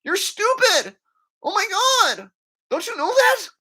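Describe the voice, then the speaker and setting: A shrill, squealing young man jeers at passersby in a thin, nasal whine, as a man mocks him. The voice leaps high and wobbles all over, loud and bright. It has the sound of a mocking impression in a casual talk stream. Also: big pitch swings, takes it slowly, full character voice. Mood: taunting. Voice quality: shrill, taunting. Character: shrill whiny young man yelling at strangers.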